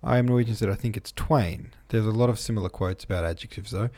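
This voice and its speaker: Man, podcast host, low voice, casual chat, hesitant ums, hiccups. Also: fast talker. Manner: relaxed, chatty, hesitant with ums. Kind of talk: casual podcast chat, reading listener comments.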